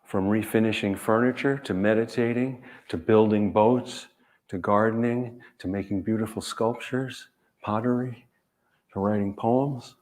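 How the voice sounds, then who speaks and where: A man, an author, speaking to an audience in a measured, earnest way, telling stories and repeating key phrases. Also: lowish voice, steady tone, a little mellow. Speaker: author giving a reading and talk. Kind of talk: reflective storytelling talk to an audience.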